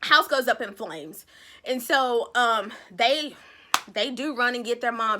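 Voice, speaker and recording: A woman giving a casual recap of a TV episode, retelling the plot with animated storytelling and acting out what the characters say. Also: a little high, brisk. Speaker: TV recap vlogger.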